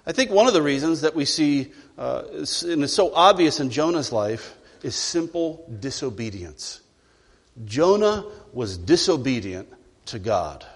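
Emphatic preacher in an echoey church. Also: male voice, a little high, big pitch swings, a little slow, breathy edge. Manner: emphatic, asks rhetorical questions. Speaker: pastor. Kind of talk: sermon. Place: church sanctuary.

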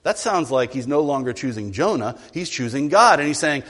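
A man preaches with a lively, swinging delivery, his fairly high voice jumping up for emphasis and dropping low for quieter asides. His words ring out with a long hall reverb, as in a church sanctuary. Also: brisk, few pauses, husky. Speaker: pastor. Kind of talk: sermon.

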